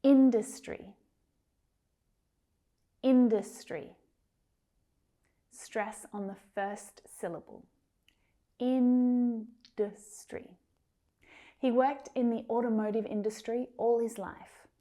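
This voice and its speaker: A woman teaching English pronunciation, saying words slowly and carefully with drawn-out enunciation, then using them in example sentences. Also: fairly high pitch, mellow. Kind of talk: pronunciation lesson.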